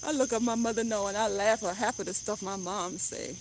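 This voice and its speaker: A woman's voice: mid-range voice, steady tone, brisk, very noisy. Chatty woman vlogging outdoors. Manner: chatty, joking, blunt. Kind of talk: casual chat to viewers.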